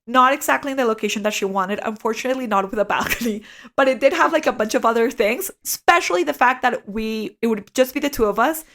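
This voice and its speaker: Animated, swearing young woman storyteller. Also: a little high, quick pace, few pauses. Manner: animated, swears freely, says "like" a lot. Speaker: podcast co-host. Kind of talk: casual storytelling chat.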